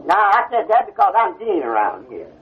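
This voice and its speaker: This dull old 1970 lecture tape features an older man with a high, sing-song voice preaching to a class at normal speed. Again and again he stops to ask whether they see the point, call-and-response style, with a recurring "you see?".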